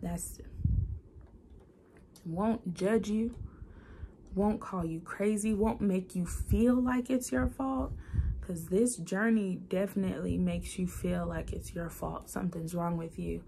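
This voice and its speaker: Slow, gravelly-voiced woman vlogger. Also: on the low side, steady tone, dark tone, slight background noise. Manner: earnest, confiding, many fillers and restarts. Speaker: video diary vlogger. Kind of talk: personal video diary.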